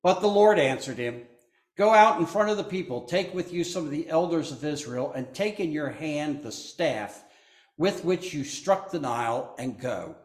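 A man's voice: a little high, animated, roomy sound. A man preaching a sermon, reading scripture and adding asides to the congregation. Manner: slow, deliberate delivery with asides to the congregation.

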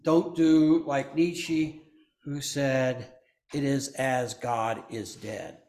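A man's voice: medium pitch, fairly even intonation, a little mellow, roomy sound. A man preaching a sermon, reading scripture and adding asides to the congregation. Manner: slow, deliberate delivery with asides to the congregation.

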